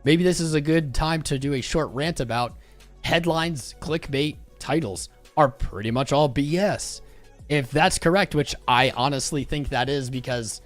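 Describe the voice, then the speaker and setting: A man hosting a crypto live stream, chatting casually and shouting out viewers with a loose, jokey manner that jumps in pace and loudness. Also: a little high, unhurried, soft background music. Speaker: crypto livestream host.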